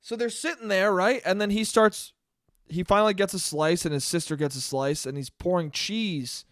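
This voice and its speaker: Recorded dry with clean studio sound, this podcast host's voice sits high and fairly bright, moving at a normal pace. Alone at the mic, he tells a meandering story, swearing often and starting his sentences over.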